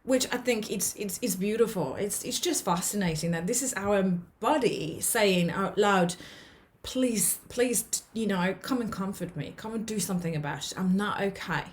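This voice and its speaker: A woman's voice: medium pitch, moderate pace. A woman giving a motivational self-help talk, reassuring and often checking in with the listener, repeating words as she thinks aloud.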